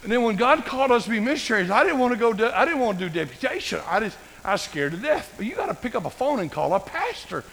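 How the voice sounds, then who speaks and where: Older pastor telling folksy, self-mocking sermon stories, gravelly voice in a big reverberant hall. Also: male voice, very high voice, very animated, fast, few pauses, fairly bright tone.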